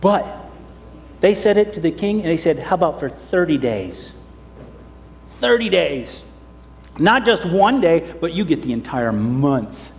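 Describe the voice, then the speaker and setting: Animated pastor acting out a story. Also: male voice, on the high side, measured pace, vocal fry. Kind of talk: children's story sermon. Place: church sanctuary. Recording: long church hall reverb.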